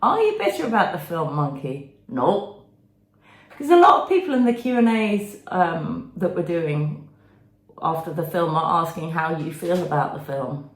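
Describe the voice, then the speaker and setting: A woman's voice: lowish voice, sing-song, a little slow. Teasing woman hosting a puppet podcast. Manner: coaxing, gently teasing, chatty. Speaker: ventriloquist podcast host. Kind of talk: comic podcast chat with her puppet. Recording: echoey room.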